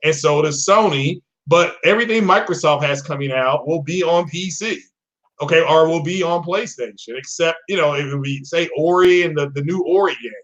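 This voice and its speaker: A man's voice: fairly high pitch, normal speed, fairly bright tone, highs cut off. A man co-hosting a gaming talk show, explaining at length with many hesitations and restarts. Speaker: co-host. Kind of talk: casual chat.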